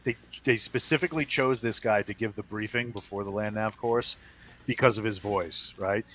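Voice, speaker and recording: A man's voice: fairly low pitch, normal speed, a bit bright. A man on a podcast panel, chatting casually from home, telling stories with frequent laughs and lots of "uh" fillers. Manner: laughs often, many fillers, storyteller. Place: at home, wife in next room.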